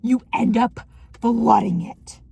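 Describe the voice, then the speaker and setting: A woman voicing her neighbor as a creepy serial killer, reading a complaint note slowly in a sinister, raspy tone. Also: dark tone, full character voice. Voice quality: gravelly, raspy and low.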